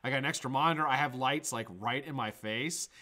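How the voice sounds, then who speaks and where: A man's voice: medium pitch, a little fast, sharp tone. A man hosting his daily live vaping show from home, chatting casually, joking and swearing as he rambles. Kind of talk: casual live-stream chat. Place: home room with green screen.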